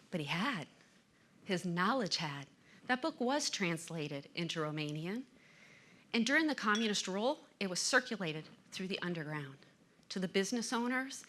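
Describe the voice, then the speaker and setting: Bright-voiced woman giving an inspirational talk. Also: medium pitch. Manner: dramatic storytelling with emphatic swells. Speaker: motivational speaker.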